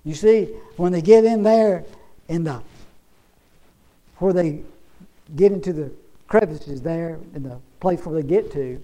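A man's voice: on the high side, a little slow, long pauses, dark tone, poor audio. A man preaching a sermon in an emphatic, repetitive, folksy way, reading scripture and telling stories.

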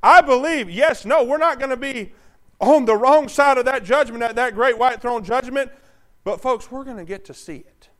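A man preaching with a notably high voice, hammering his points with repetition. He reads scripture with heavy stress on single words and keeps asking the congregation whether they are following him. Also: moderate pace, fairly bright tone. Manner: emphatic, repeats phrases, asks the audience questions. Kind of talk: sermon.

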